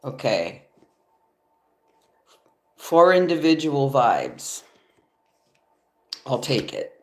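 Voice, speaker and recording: A rumbling low, darkish voice draws out words and swings widely in pitch, sounding nasal from allergies. The woman is a tarot reader livestreaming by phone from home after yoga, giving a laid-back, loose reading with passing swears and plenty of chuckles.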